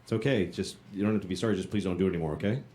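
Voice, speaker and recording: Stand-up comic, man in his forties, exasperated deadpan delivery, live club recording with background noise. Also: low voice, very fast. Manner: deadpan, exasperated, talks back to a heckler. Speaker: stand-up comedian. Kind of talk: stand-up set. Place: comedy club stage. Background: audience laughter.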